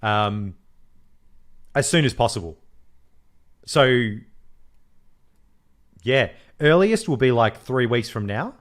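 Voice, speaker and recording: A man co-hosting a podcast in casual chat, animated, swearing freely and mimicking others as he tells stories. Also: medium pitch, slow pace, pauses often. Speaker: podcast co-host.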